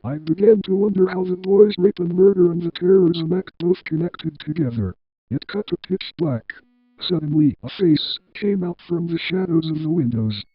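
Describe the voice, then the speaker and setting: A synthetic text-to-speech man's voice reading a horror story in a flat, evenly paced way. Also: sits high, normal speed, slightly rough, no room sound, lo-fi sound. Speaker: narrator. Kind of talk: scripted horror story narration.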